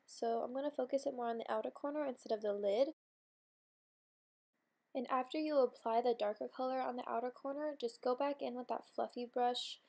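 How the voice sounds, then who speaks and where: A young beauty vlogger gives a casual makeup tutorial voice-over, chatty and bubbly, sounding slightly nasal from a cold. Her voice is fairly high, warm and creaky.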